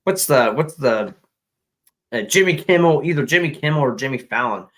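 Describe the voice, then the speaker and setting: A man's voice: medium pitch, animated, moderate pace, a bit bright, rough recording. A man co-hosting a casual commentary show, ranting in an exasperated, profane way with many restarts. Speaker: podcast co-host.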